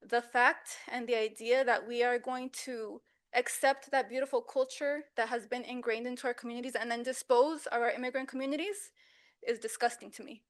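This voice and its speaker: A woman's voice: on the high side, steady tone, fairly quick. A woman from Southeast Los Angeles giving an emotional public comment at a council meeting, earnest and pleading, with frequent ums. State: emotional, voice wavering at times.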